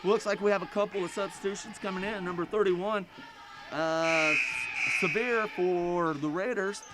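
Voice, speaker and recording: A man with a high voice calls a school basketball game play by play in a folksy, chatty way, often speaking to the fans directly. He is recorded in a school gym. Bouncing balls and court noise are clearly heard behind him. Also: normal speed. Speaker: play-by-play announcer. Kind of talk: live basketball commentary.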